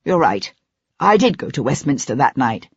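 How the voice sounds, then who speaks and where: Jumpy snappish actor guy, done by an audiobook reader, husky, dull dry sound. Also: medium pitch, sing-song, normal speed, no room sound, exaggerated voice. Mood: defensive. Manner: snappish, defensive. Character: nervous, defensive male actor suspect. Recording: slightly dull, dry lo-fi recording.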